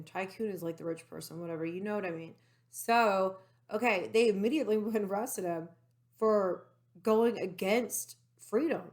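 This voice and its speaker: An excited woman vlogging from her room at home, rambling to her viewers in a casual, unscripted stream of thought. She trails off into asides and leans heavily on fillers as she talks. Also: mid-range voice. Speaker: political vlogger. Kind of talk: casual monologue to camera.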